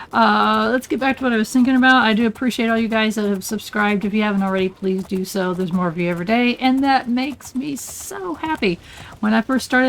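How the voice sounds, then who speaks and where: An older woman hosting a relaxed let's play, chatting and rambling as she plays and often getting sidetracked. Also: mid-range voice, poor audio. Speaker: gaming channel host. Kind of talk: casual let's play commentary.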